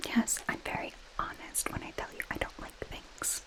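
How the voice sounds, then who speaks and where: A woman's voice: moderate pace, few pauses, rough recording. A woman in a whispered role-play as a possessive goth girl friend, reading a book aloud and mocking it with dry sarcasm. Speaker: ASMR creator.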